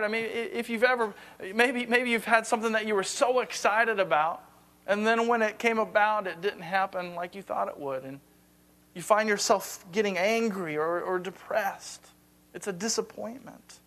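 A man preaching a conversational sermon, earnest, often sinking to a hushed low voice for emphasis and repeating words as he thinks. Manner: repeats words as he gathers thoughts.

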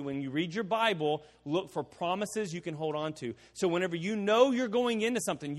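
A man's voice: fairly high pitch, fairly bright tone, long reverb tail. A man preaching a sermon in a conversational way, mixing personal stories with emphatic repetition. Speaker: pastor.

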